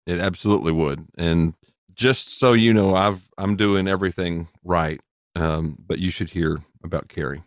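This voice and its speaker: A man's voice: low-pitched, normal speed, no room sound, clean studio sound. A man co-hosting a podcast in casual, jokey chat, laughing often. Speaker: podcast co-host.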